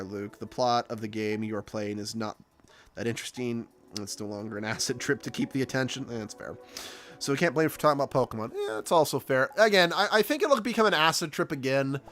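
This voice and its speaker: A man's voice: mid-range voice, fairly bright tone. A man streaming a game, talking casually in a rambling, self-correcting way. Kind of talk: casual gaming commentary.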